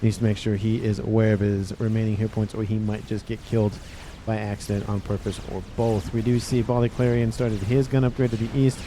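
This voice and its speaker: A man casting a strategy game match, giving steady, measured play-by-play with wry asides. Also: on the low side, background noise. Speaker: game caster.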